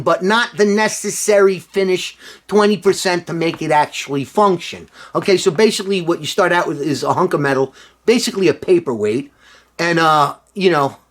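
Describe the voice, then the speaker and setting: A man vlogging in a casual, rambling monologue, sarcastic and profane with lots of fillers. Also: sits high.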